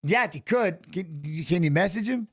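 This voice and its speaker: A middle-aged man with a fairly high voice chats loosely over a live fight stream. He laughs a lot and trips over his words, then switches to quick, excited coaching calls like a corner man. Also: slightly rough. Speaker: watch-along host, former fighter. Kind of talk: casual live watch-along chat and fight commentary.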